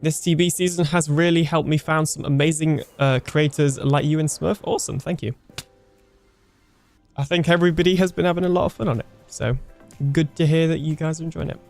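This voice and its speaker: A man's voice: on the high side, steady tone, brisk, vocal fry, a little mellow, faint music behind. A young British man casually chatting on a live game stream, reading viewer comments aloud and laughing often as he trails off mid-sentence.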